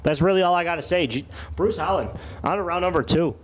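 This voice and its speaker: A man's voice: fairly high pitch, fast, a little hiss or hum. Folksy drag race announcer, man. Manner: folksy, playful announcer banter. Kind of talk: live race commentary. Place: outdoor dragway.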